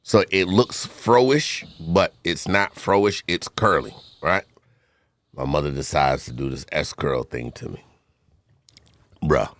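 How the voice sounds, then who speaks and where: A man hosting a casual podcast chat, telling childhood stories in an animated way with squeaky impressions. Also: slow pace, no echo. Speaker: podcast host.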